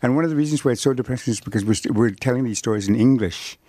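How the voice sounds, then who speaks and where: A man's voice: mid-range voice, very fast, mellow, no echo. An older man from Canada, a guest author in a radio interview, talking in a playful, teasing way, often laughing and repeating words for emphasis. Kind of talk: radio interview, casual chat.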